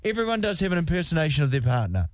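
A man's voice: a little high, big pitch swings. A male radio host, bantering and teasing in a studio. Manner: playful, teasing, quick to laugh. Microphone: studio microphone.

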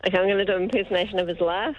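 A woman's voice: mid-range voice, steady tone, very fast, dry recording. Giggly New woman on a phone line. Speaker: caller.

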